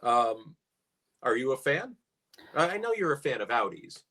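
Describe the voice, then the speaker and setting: A man's voice: mid-range voice, big pitch swings, moderate pace, sharp tone. A middle-aged man co-hosting a casual car chat, musing with dry humor. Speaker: podcast co-host.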